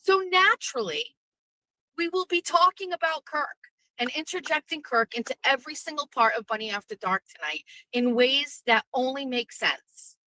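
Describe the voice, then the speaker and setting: A middle-aged woman hosting a livestream podcast, ranting in a brash, profane, animated way. Her voice sits high and sounds bright and forceful. The recording is dry and close. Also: normal speed, no room sound, rough recording. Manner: brash, swearing, animated storytelling. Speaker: podcast host.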